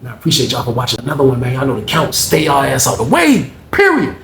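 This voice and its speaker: A man telling a story in casual, slang-heavy talk, getting loud when he acts out arguments. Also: medium pitch, fast talker, creaky, reverberant, slight background noise. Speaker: storyteller host.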